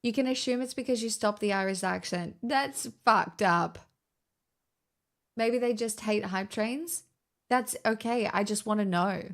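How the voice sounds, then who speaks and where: A woman's voice: medium pitch, moderate pace. An Australian woman chatting casually on a livestream, rambling and swearing freely as she reacts to chat.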